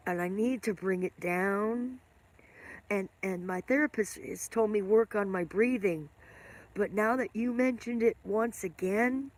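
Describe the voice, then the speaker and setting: An older woman hosting a casual live stream, rambling and chatting with viewers by name, with a smoker's cough. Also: mid-range voice.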